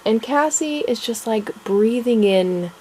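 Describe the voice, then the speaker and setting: A woman's voice: on the high side, animated, slow pace, warm tone, husky, low-quality recording. A young woman author chatting casually in a vlog, gushing and laughing often as she talks about and reads her own draft. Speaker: author vlogger.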